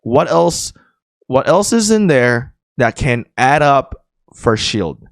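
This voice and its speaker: A man's voice: medium pitch, very animated, takes it slowly, vocal fry, no echo, studio quality. A man hosting a gaming channel, chatting casually as he walks through game screens, with frequent fillers and restarts.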